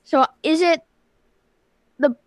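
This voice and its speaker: A woman's voice: high voice, takes it slowly, a little mellow, dry recording. A woman playing as a quiz contestant, guessing hesitantly with many ums.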